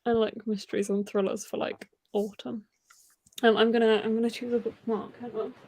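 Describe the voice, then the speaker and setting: A woman hosting a casual reading stream, talking in a chatty, excitable way with frequent giggles. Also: a little high, brisk, dry recording. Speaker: host of a reading sprint stream. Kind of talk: casual livestream chat.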